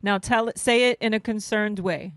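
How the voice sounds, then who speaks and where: A woman's voice: medium pitch, normal speed, a bit bright, dry recording, clean studio sound. A woman on a podcast crew, running a segment with brief, directing prompts. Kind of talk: casual chat.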